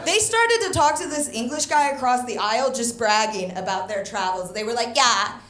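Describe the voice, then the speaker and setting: A woman's voice: a little high, fairly quick. Brash American woman doing stand-up. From United States. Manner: brash, animated storytelling with mimicry. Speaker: stand-up comedian. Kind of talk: stand-up comedy set. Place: comedy stage with live audience. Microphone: handheld stage microphone. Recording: echoey venue, audience noise.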